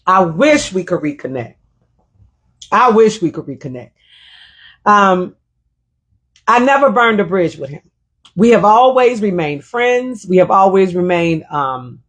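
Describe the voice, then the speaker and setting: A middle-aged woman hosting her own show, telling a personal story in a reflective, emotional way and repeating her phrases. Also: medium pitch. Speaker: show host.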